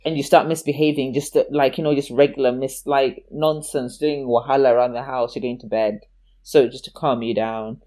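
A woman with a bass voice chats at a fairly quick clip about something from her childhood. Expressive and animated, she acts out the other people's voices and laughs frequently along the way.

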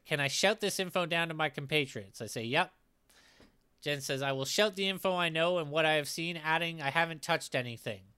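A man runs through a tabletop game session as its game master, reading out what each player said. His voice is bright, crisp and a little high, and his talk is casual and full of small restarts.

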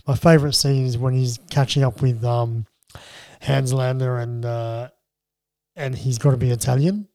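A man co-hosting a casual film chat, relaxed and bantering. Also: medium pitch, moderate pace, no room sound. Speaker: podcast co-host.

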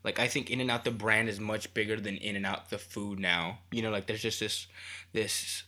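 A man's voice: on the low side, fairly even intonation, moderate pace, pushed and bright. A man co-hosting a casual podcast, rambling, swearing often and teasing his friend. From Texas. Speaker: podcast co-host. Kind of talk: casual chat.

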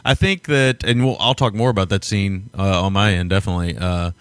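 A man from the States chats loosely about a film on a podcast. His voice sits a little low, and it sounds close and dry with no room around it. He rambles, laughs a lot and lets the odd swear word slip. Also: steady tone, a little fast, a bit bright, clean tone, no room sound. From United States. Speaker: podcast co-host. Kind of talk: casual film review chat.

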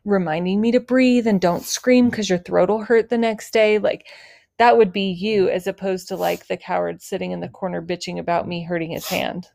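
A woman's voice: mid-range voice, steady tone, moderate pace, creaky, darkish tone. A woman co-hosting a casual podcast chat with her husband, speaking earnestly and openly, with lots of "like". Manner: earnest, heartfelt, with filler "like". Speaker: podcast co-host, wife.

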